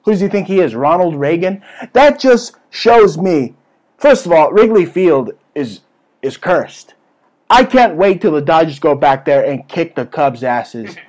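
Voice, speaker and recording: A man's voice: on the high side, animated, unhurried. Brash, ranting male comedy host. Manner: brash, crude, loud and ranting. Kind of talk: comedic political rant.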